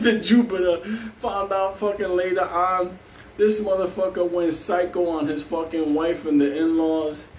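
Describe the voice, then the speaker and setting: A man's voice: high-pitched, far from the mic, a little hiss or hum. A man telling a wild story in casual, profane talk, laughing often and acting out the voices of the people in it. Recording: roomy, off-mic with faint ambience.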